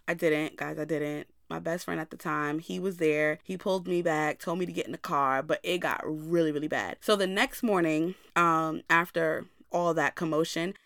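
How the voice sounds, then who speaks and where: Candid young woman with a bright, forceful voice. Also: low voice, clear, resonant tone, dry recording, clean studio sound. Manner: candid, talks straight to listeners. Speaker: podcast host. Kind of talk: personal storytelling monologue.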